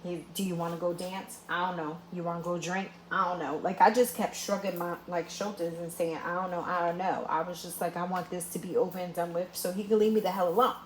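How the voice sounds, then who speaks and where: A middle-aged woman telling a story in a casual, animated way and acting out the quotes, hosting her own vlog. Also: lowish voice, roomy sound, a little hiss or hum. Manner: animated, acts out quotes, laughs while telling. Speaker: vlogger.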